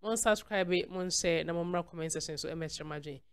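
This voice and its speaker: A woman's voice: on the low side, fairly quick, smooth. A woman with a Ghanaian accent hosting a celebrity gossip channel, mixing Twi and English as she reads viewer comments aloud. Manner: mixes Twi and English freely.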